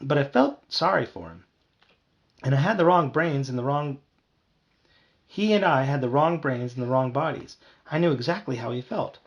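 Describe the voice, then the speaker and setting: A man reads a children's chapter book aloud with lively ups and downs in his pitch. His voice has a gravelly edge, and the recording sounds a little dull and muffled. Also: moderate pace. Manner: lively, voices characters with higher shouts. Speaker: audiobook reader.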